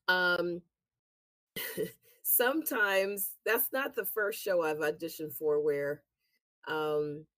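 Woman, interview guest, singer and actress, lower pitch, dry sound, chatty storyteller. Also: no echo. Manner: chatty, animated storytelling with laughs. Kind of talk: casual interview chat.

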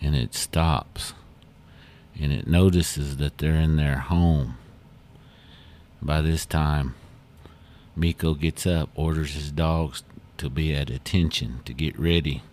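A man hosting a podcast who tells a story in an unhurried, folksy way with fillers. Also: rumbling low, fairly even intonation, a little mellow, slight background noise. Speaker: podcast host. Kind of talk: oral storytelling.

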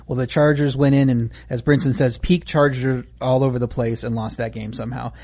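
Fast, mellow-voiced stats man. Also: medium pitch, little pitch movement. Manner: analytical, stat-heavy. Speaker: betting analyst. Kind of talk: sports betting chat.

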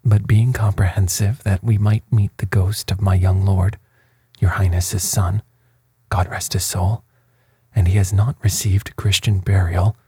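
A man's voice: sits low, little pitch movement, measured pace, mellow, husky, no echo, clean studio sound, full character voice. A man reading the part of a frightened male servant who stammers and pleads.

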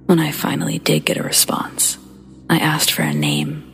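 A woman hosting a horror story show, reading first-person accounts in a hushed, breathy whisper with a slow, measured delivery. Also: low-pitched, sing-song, faint music behind. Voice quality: breathy whisper with gravelly fry. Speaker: horror story narrator and host.

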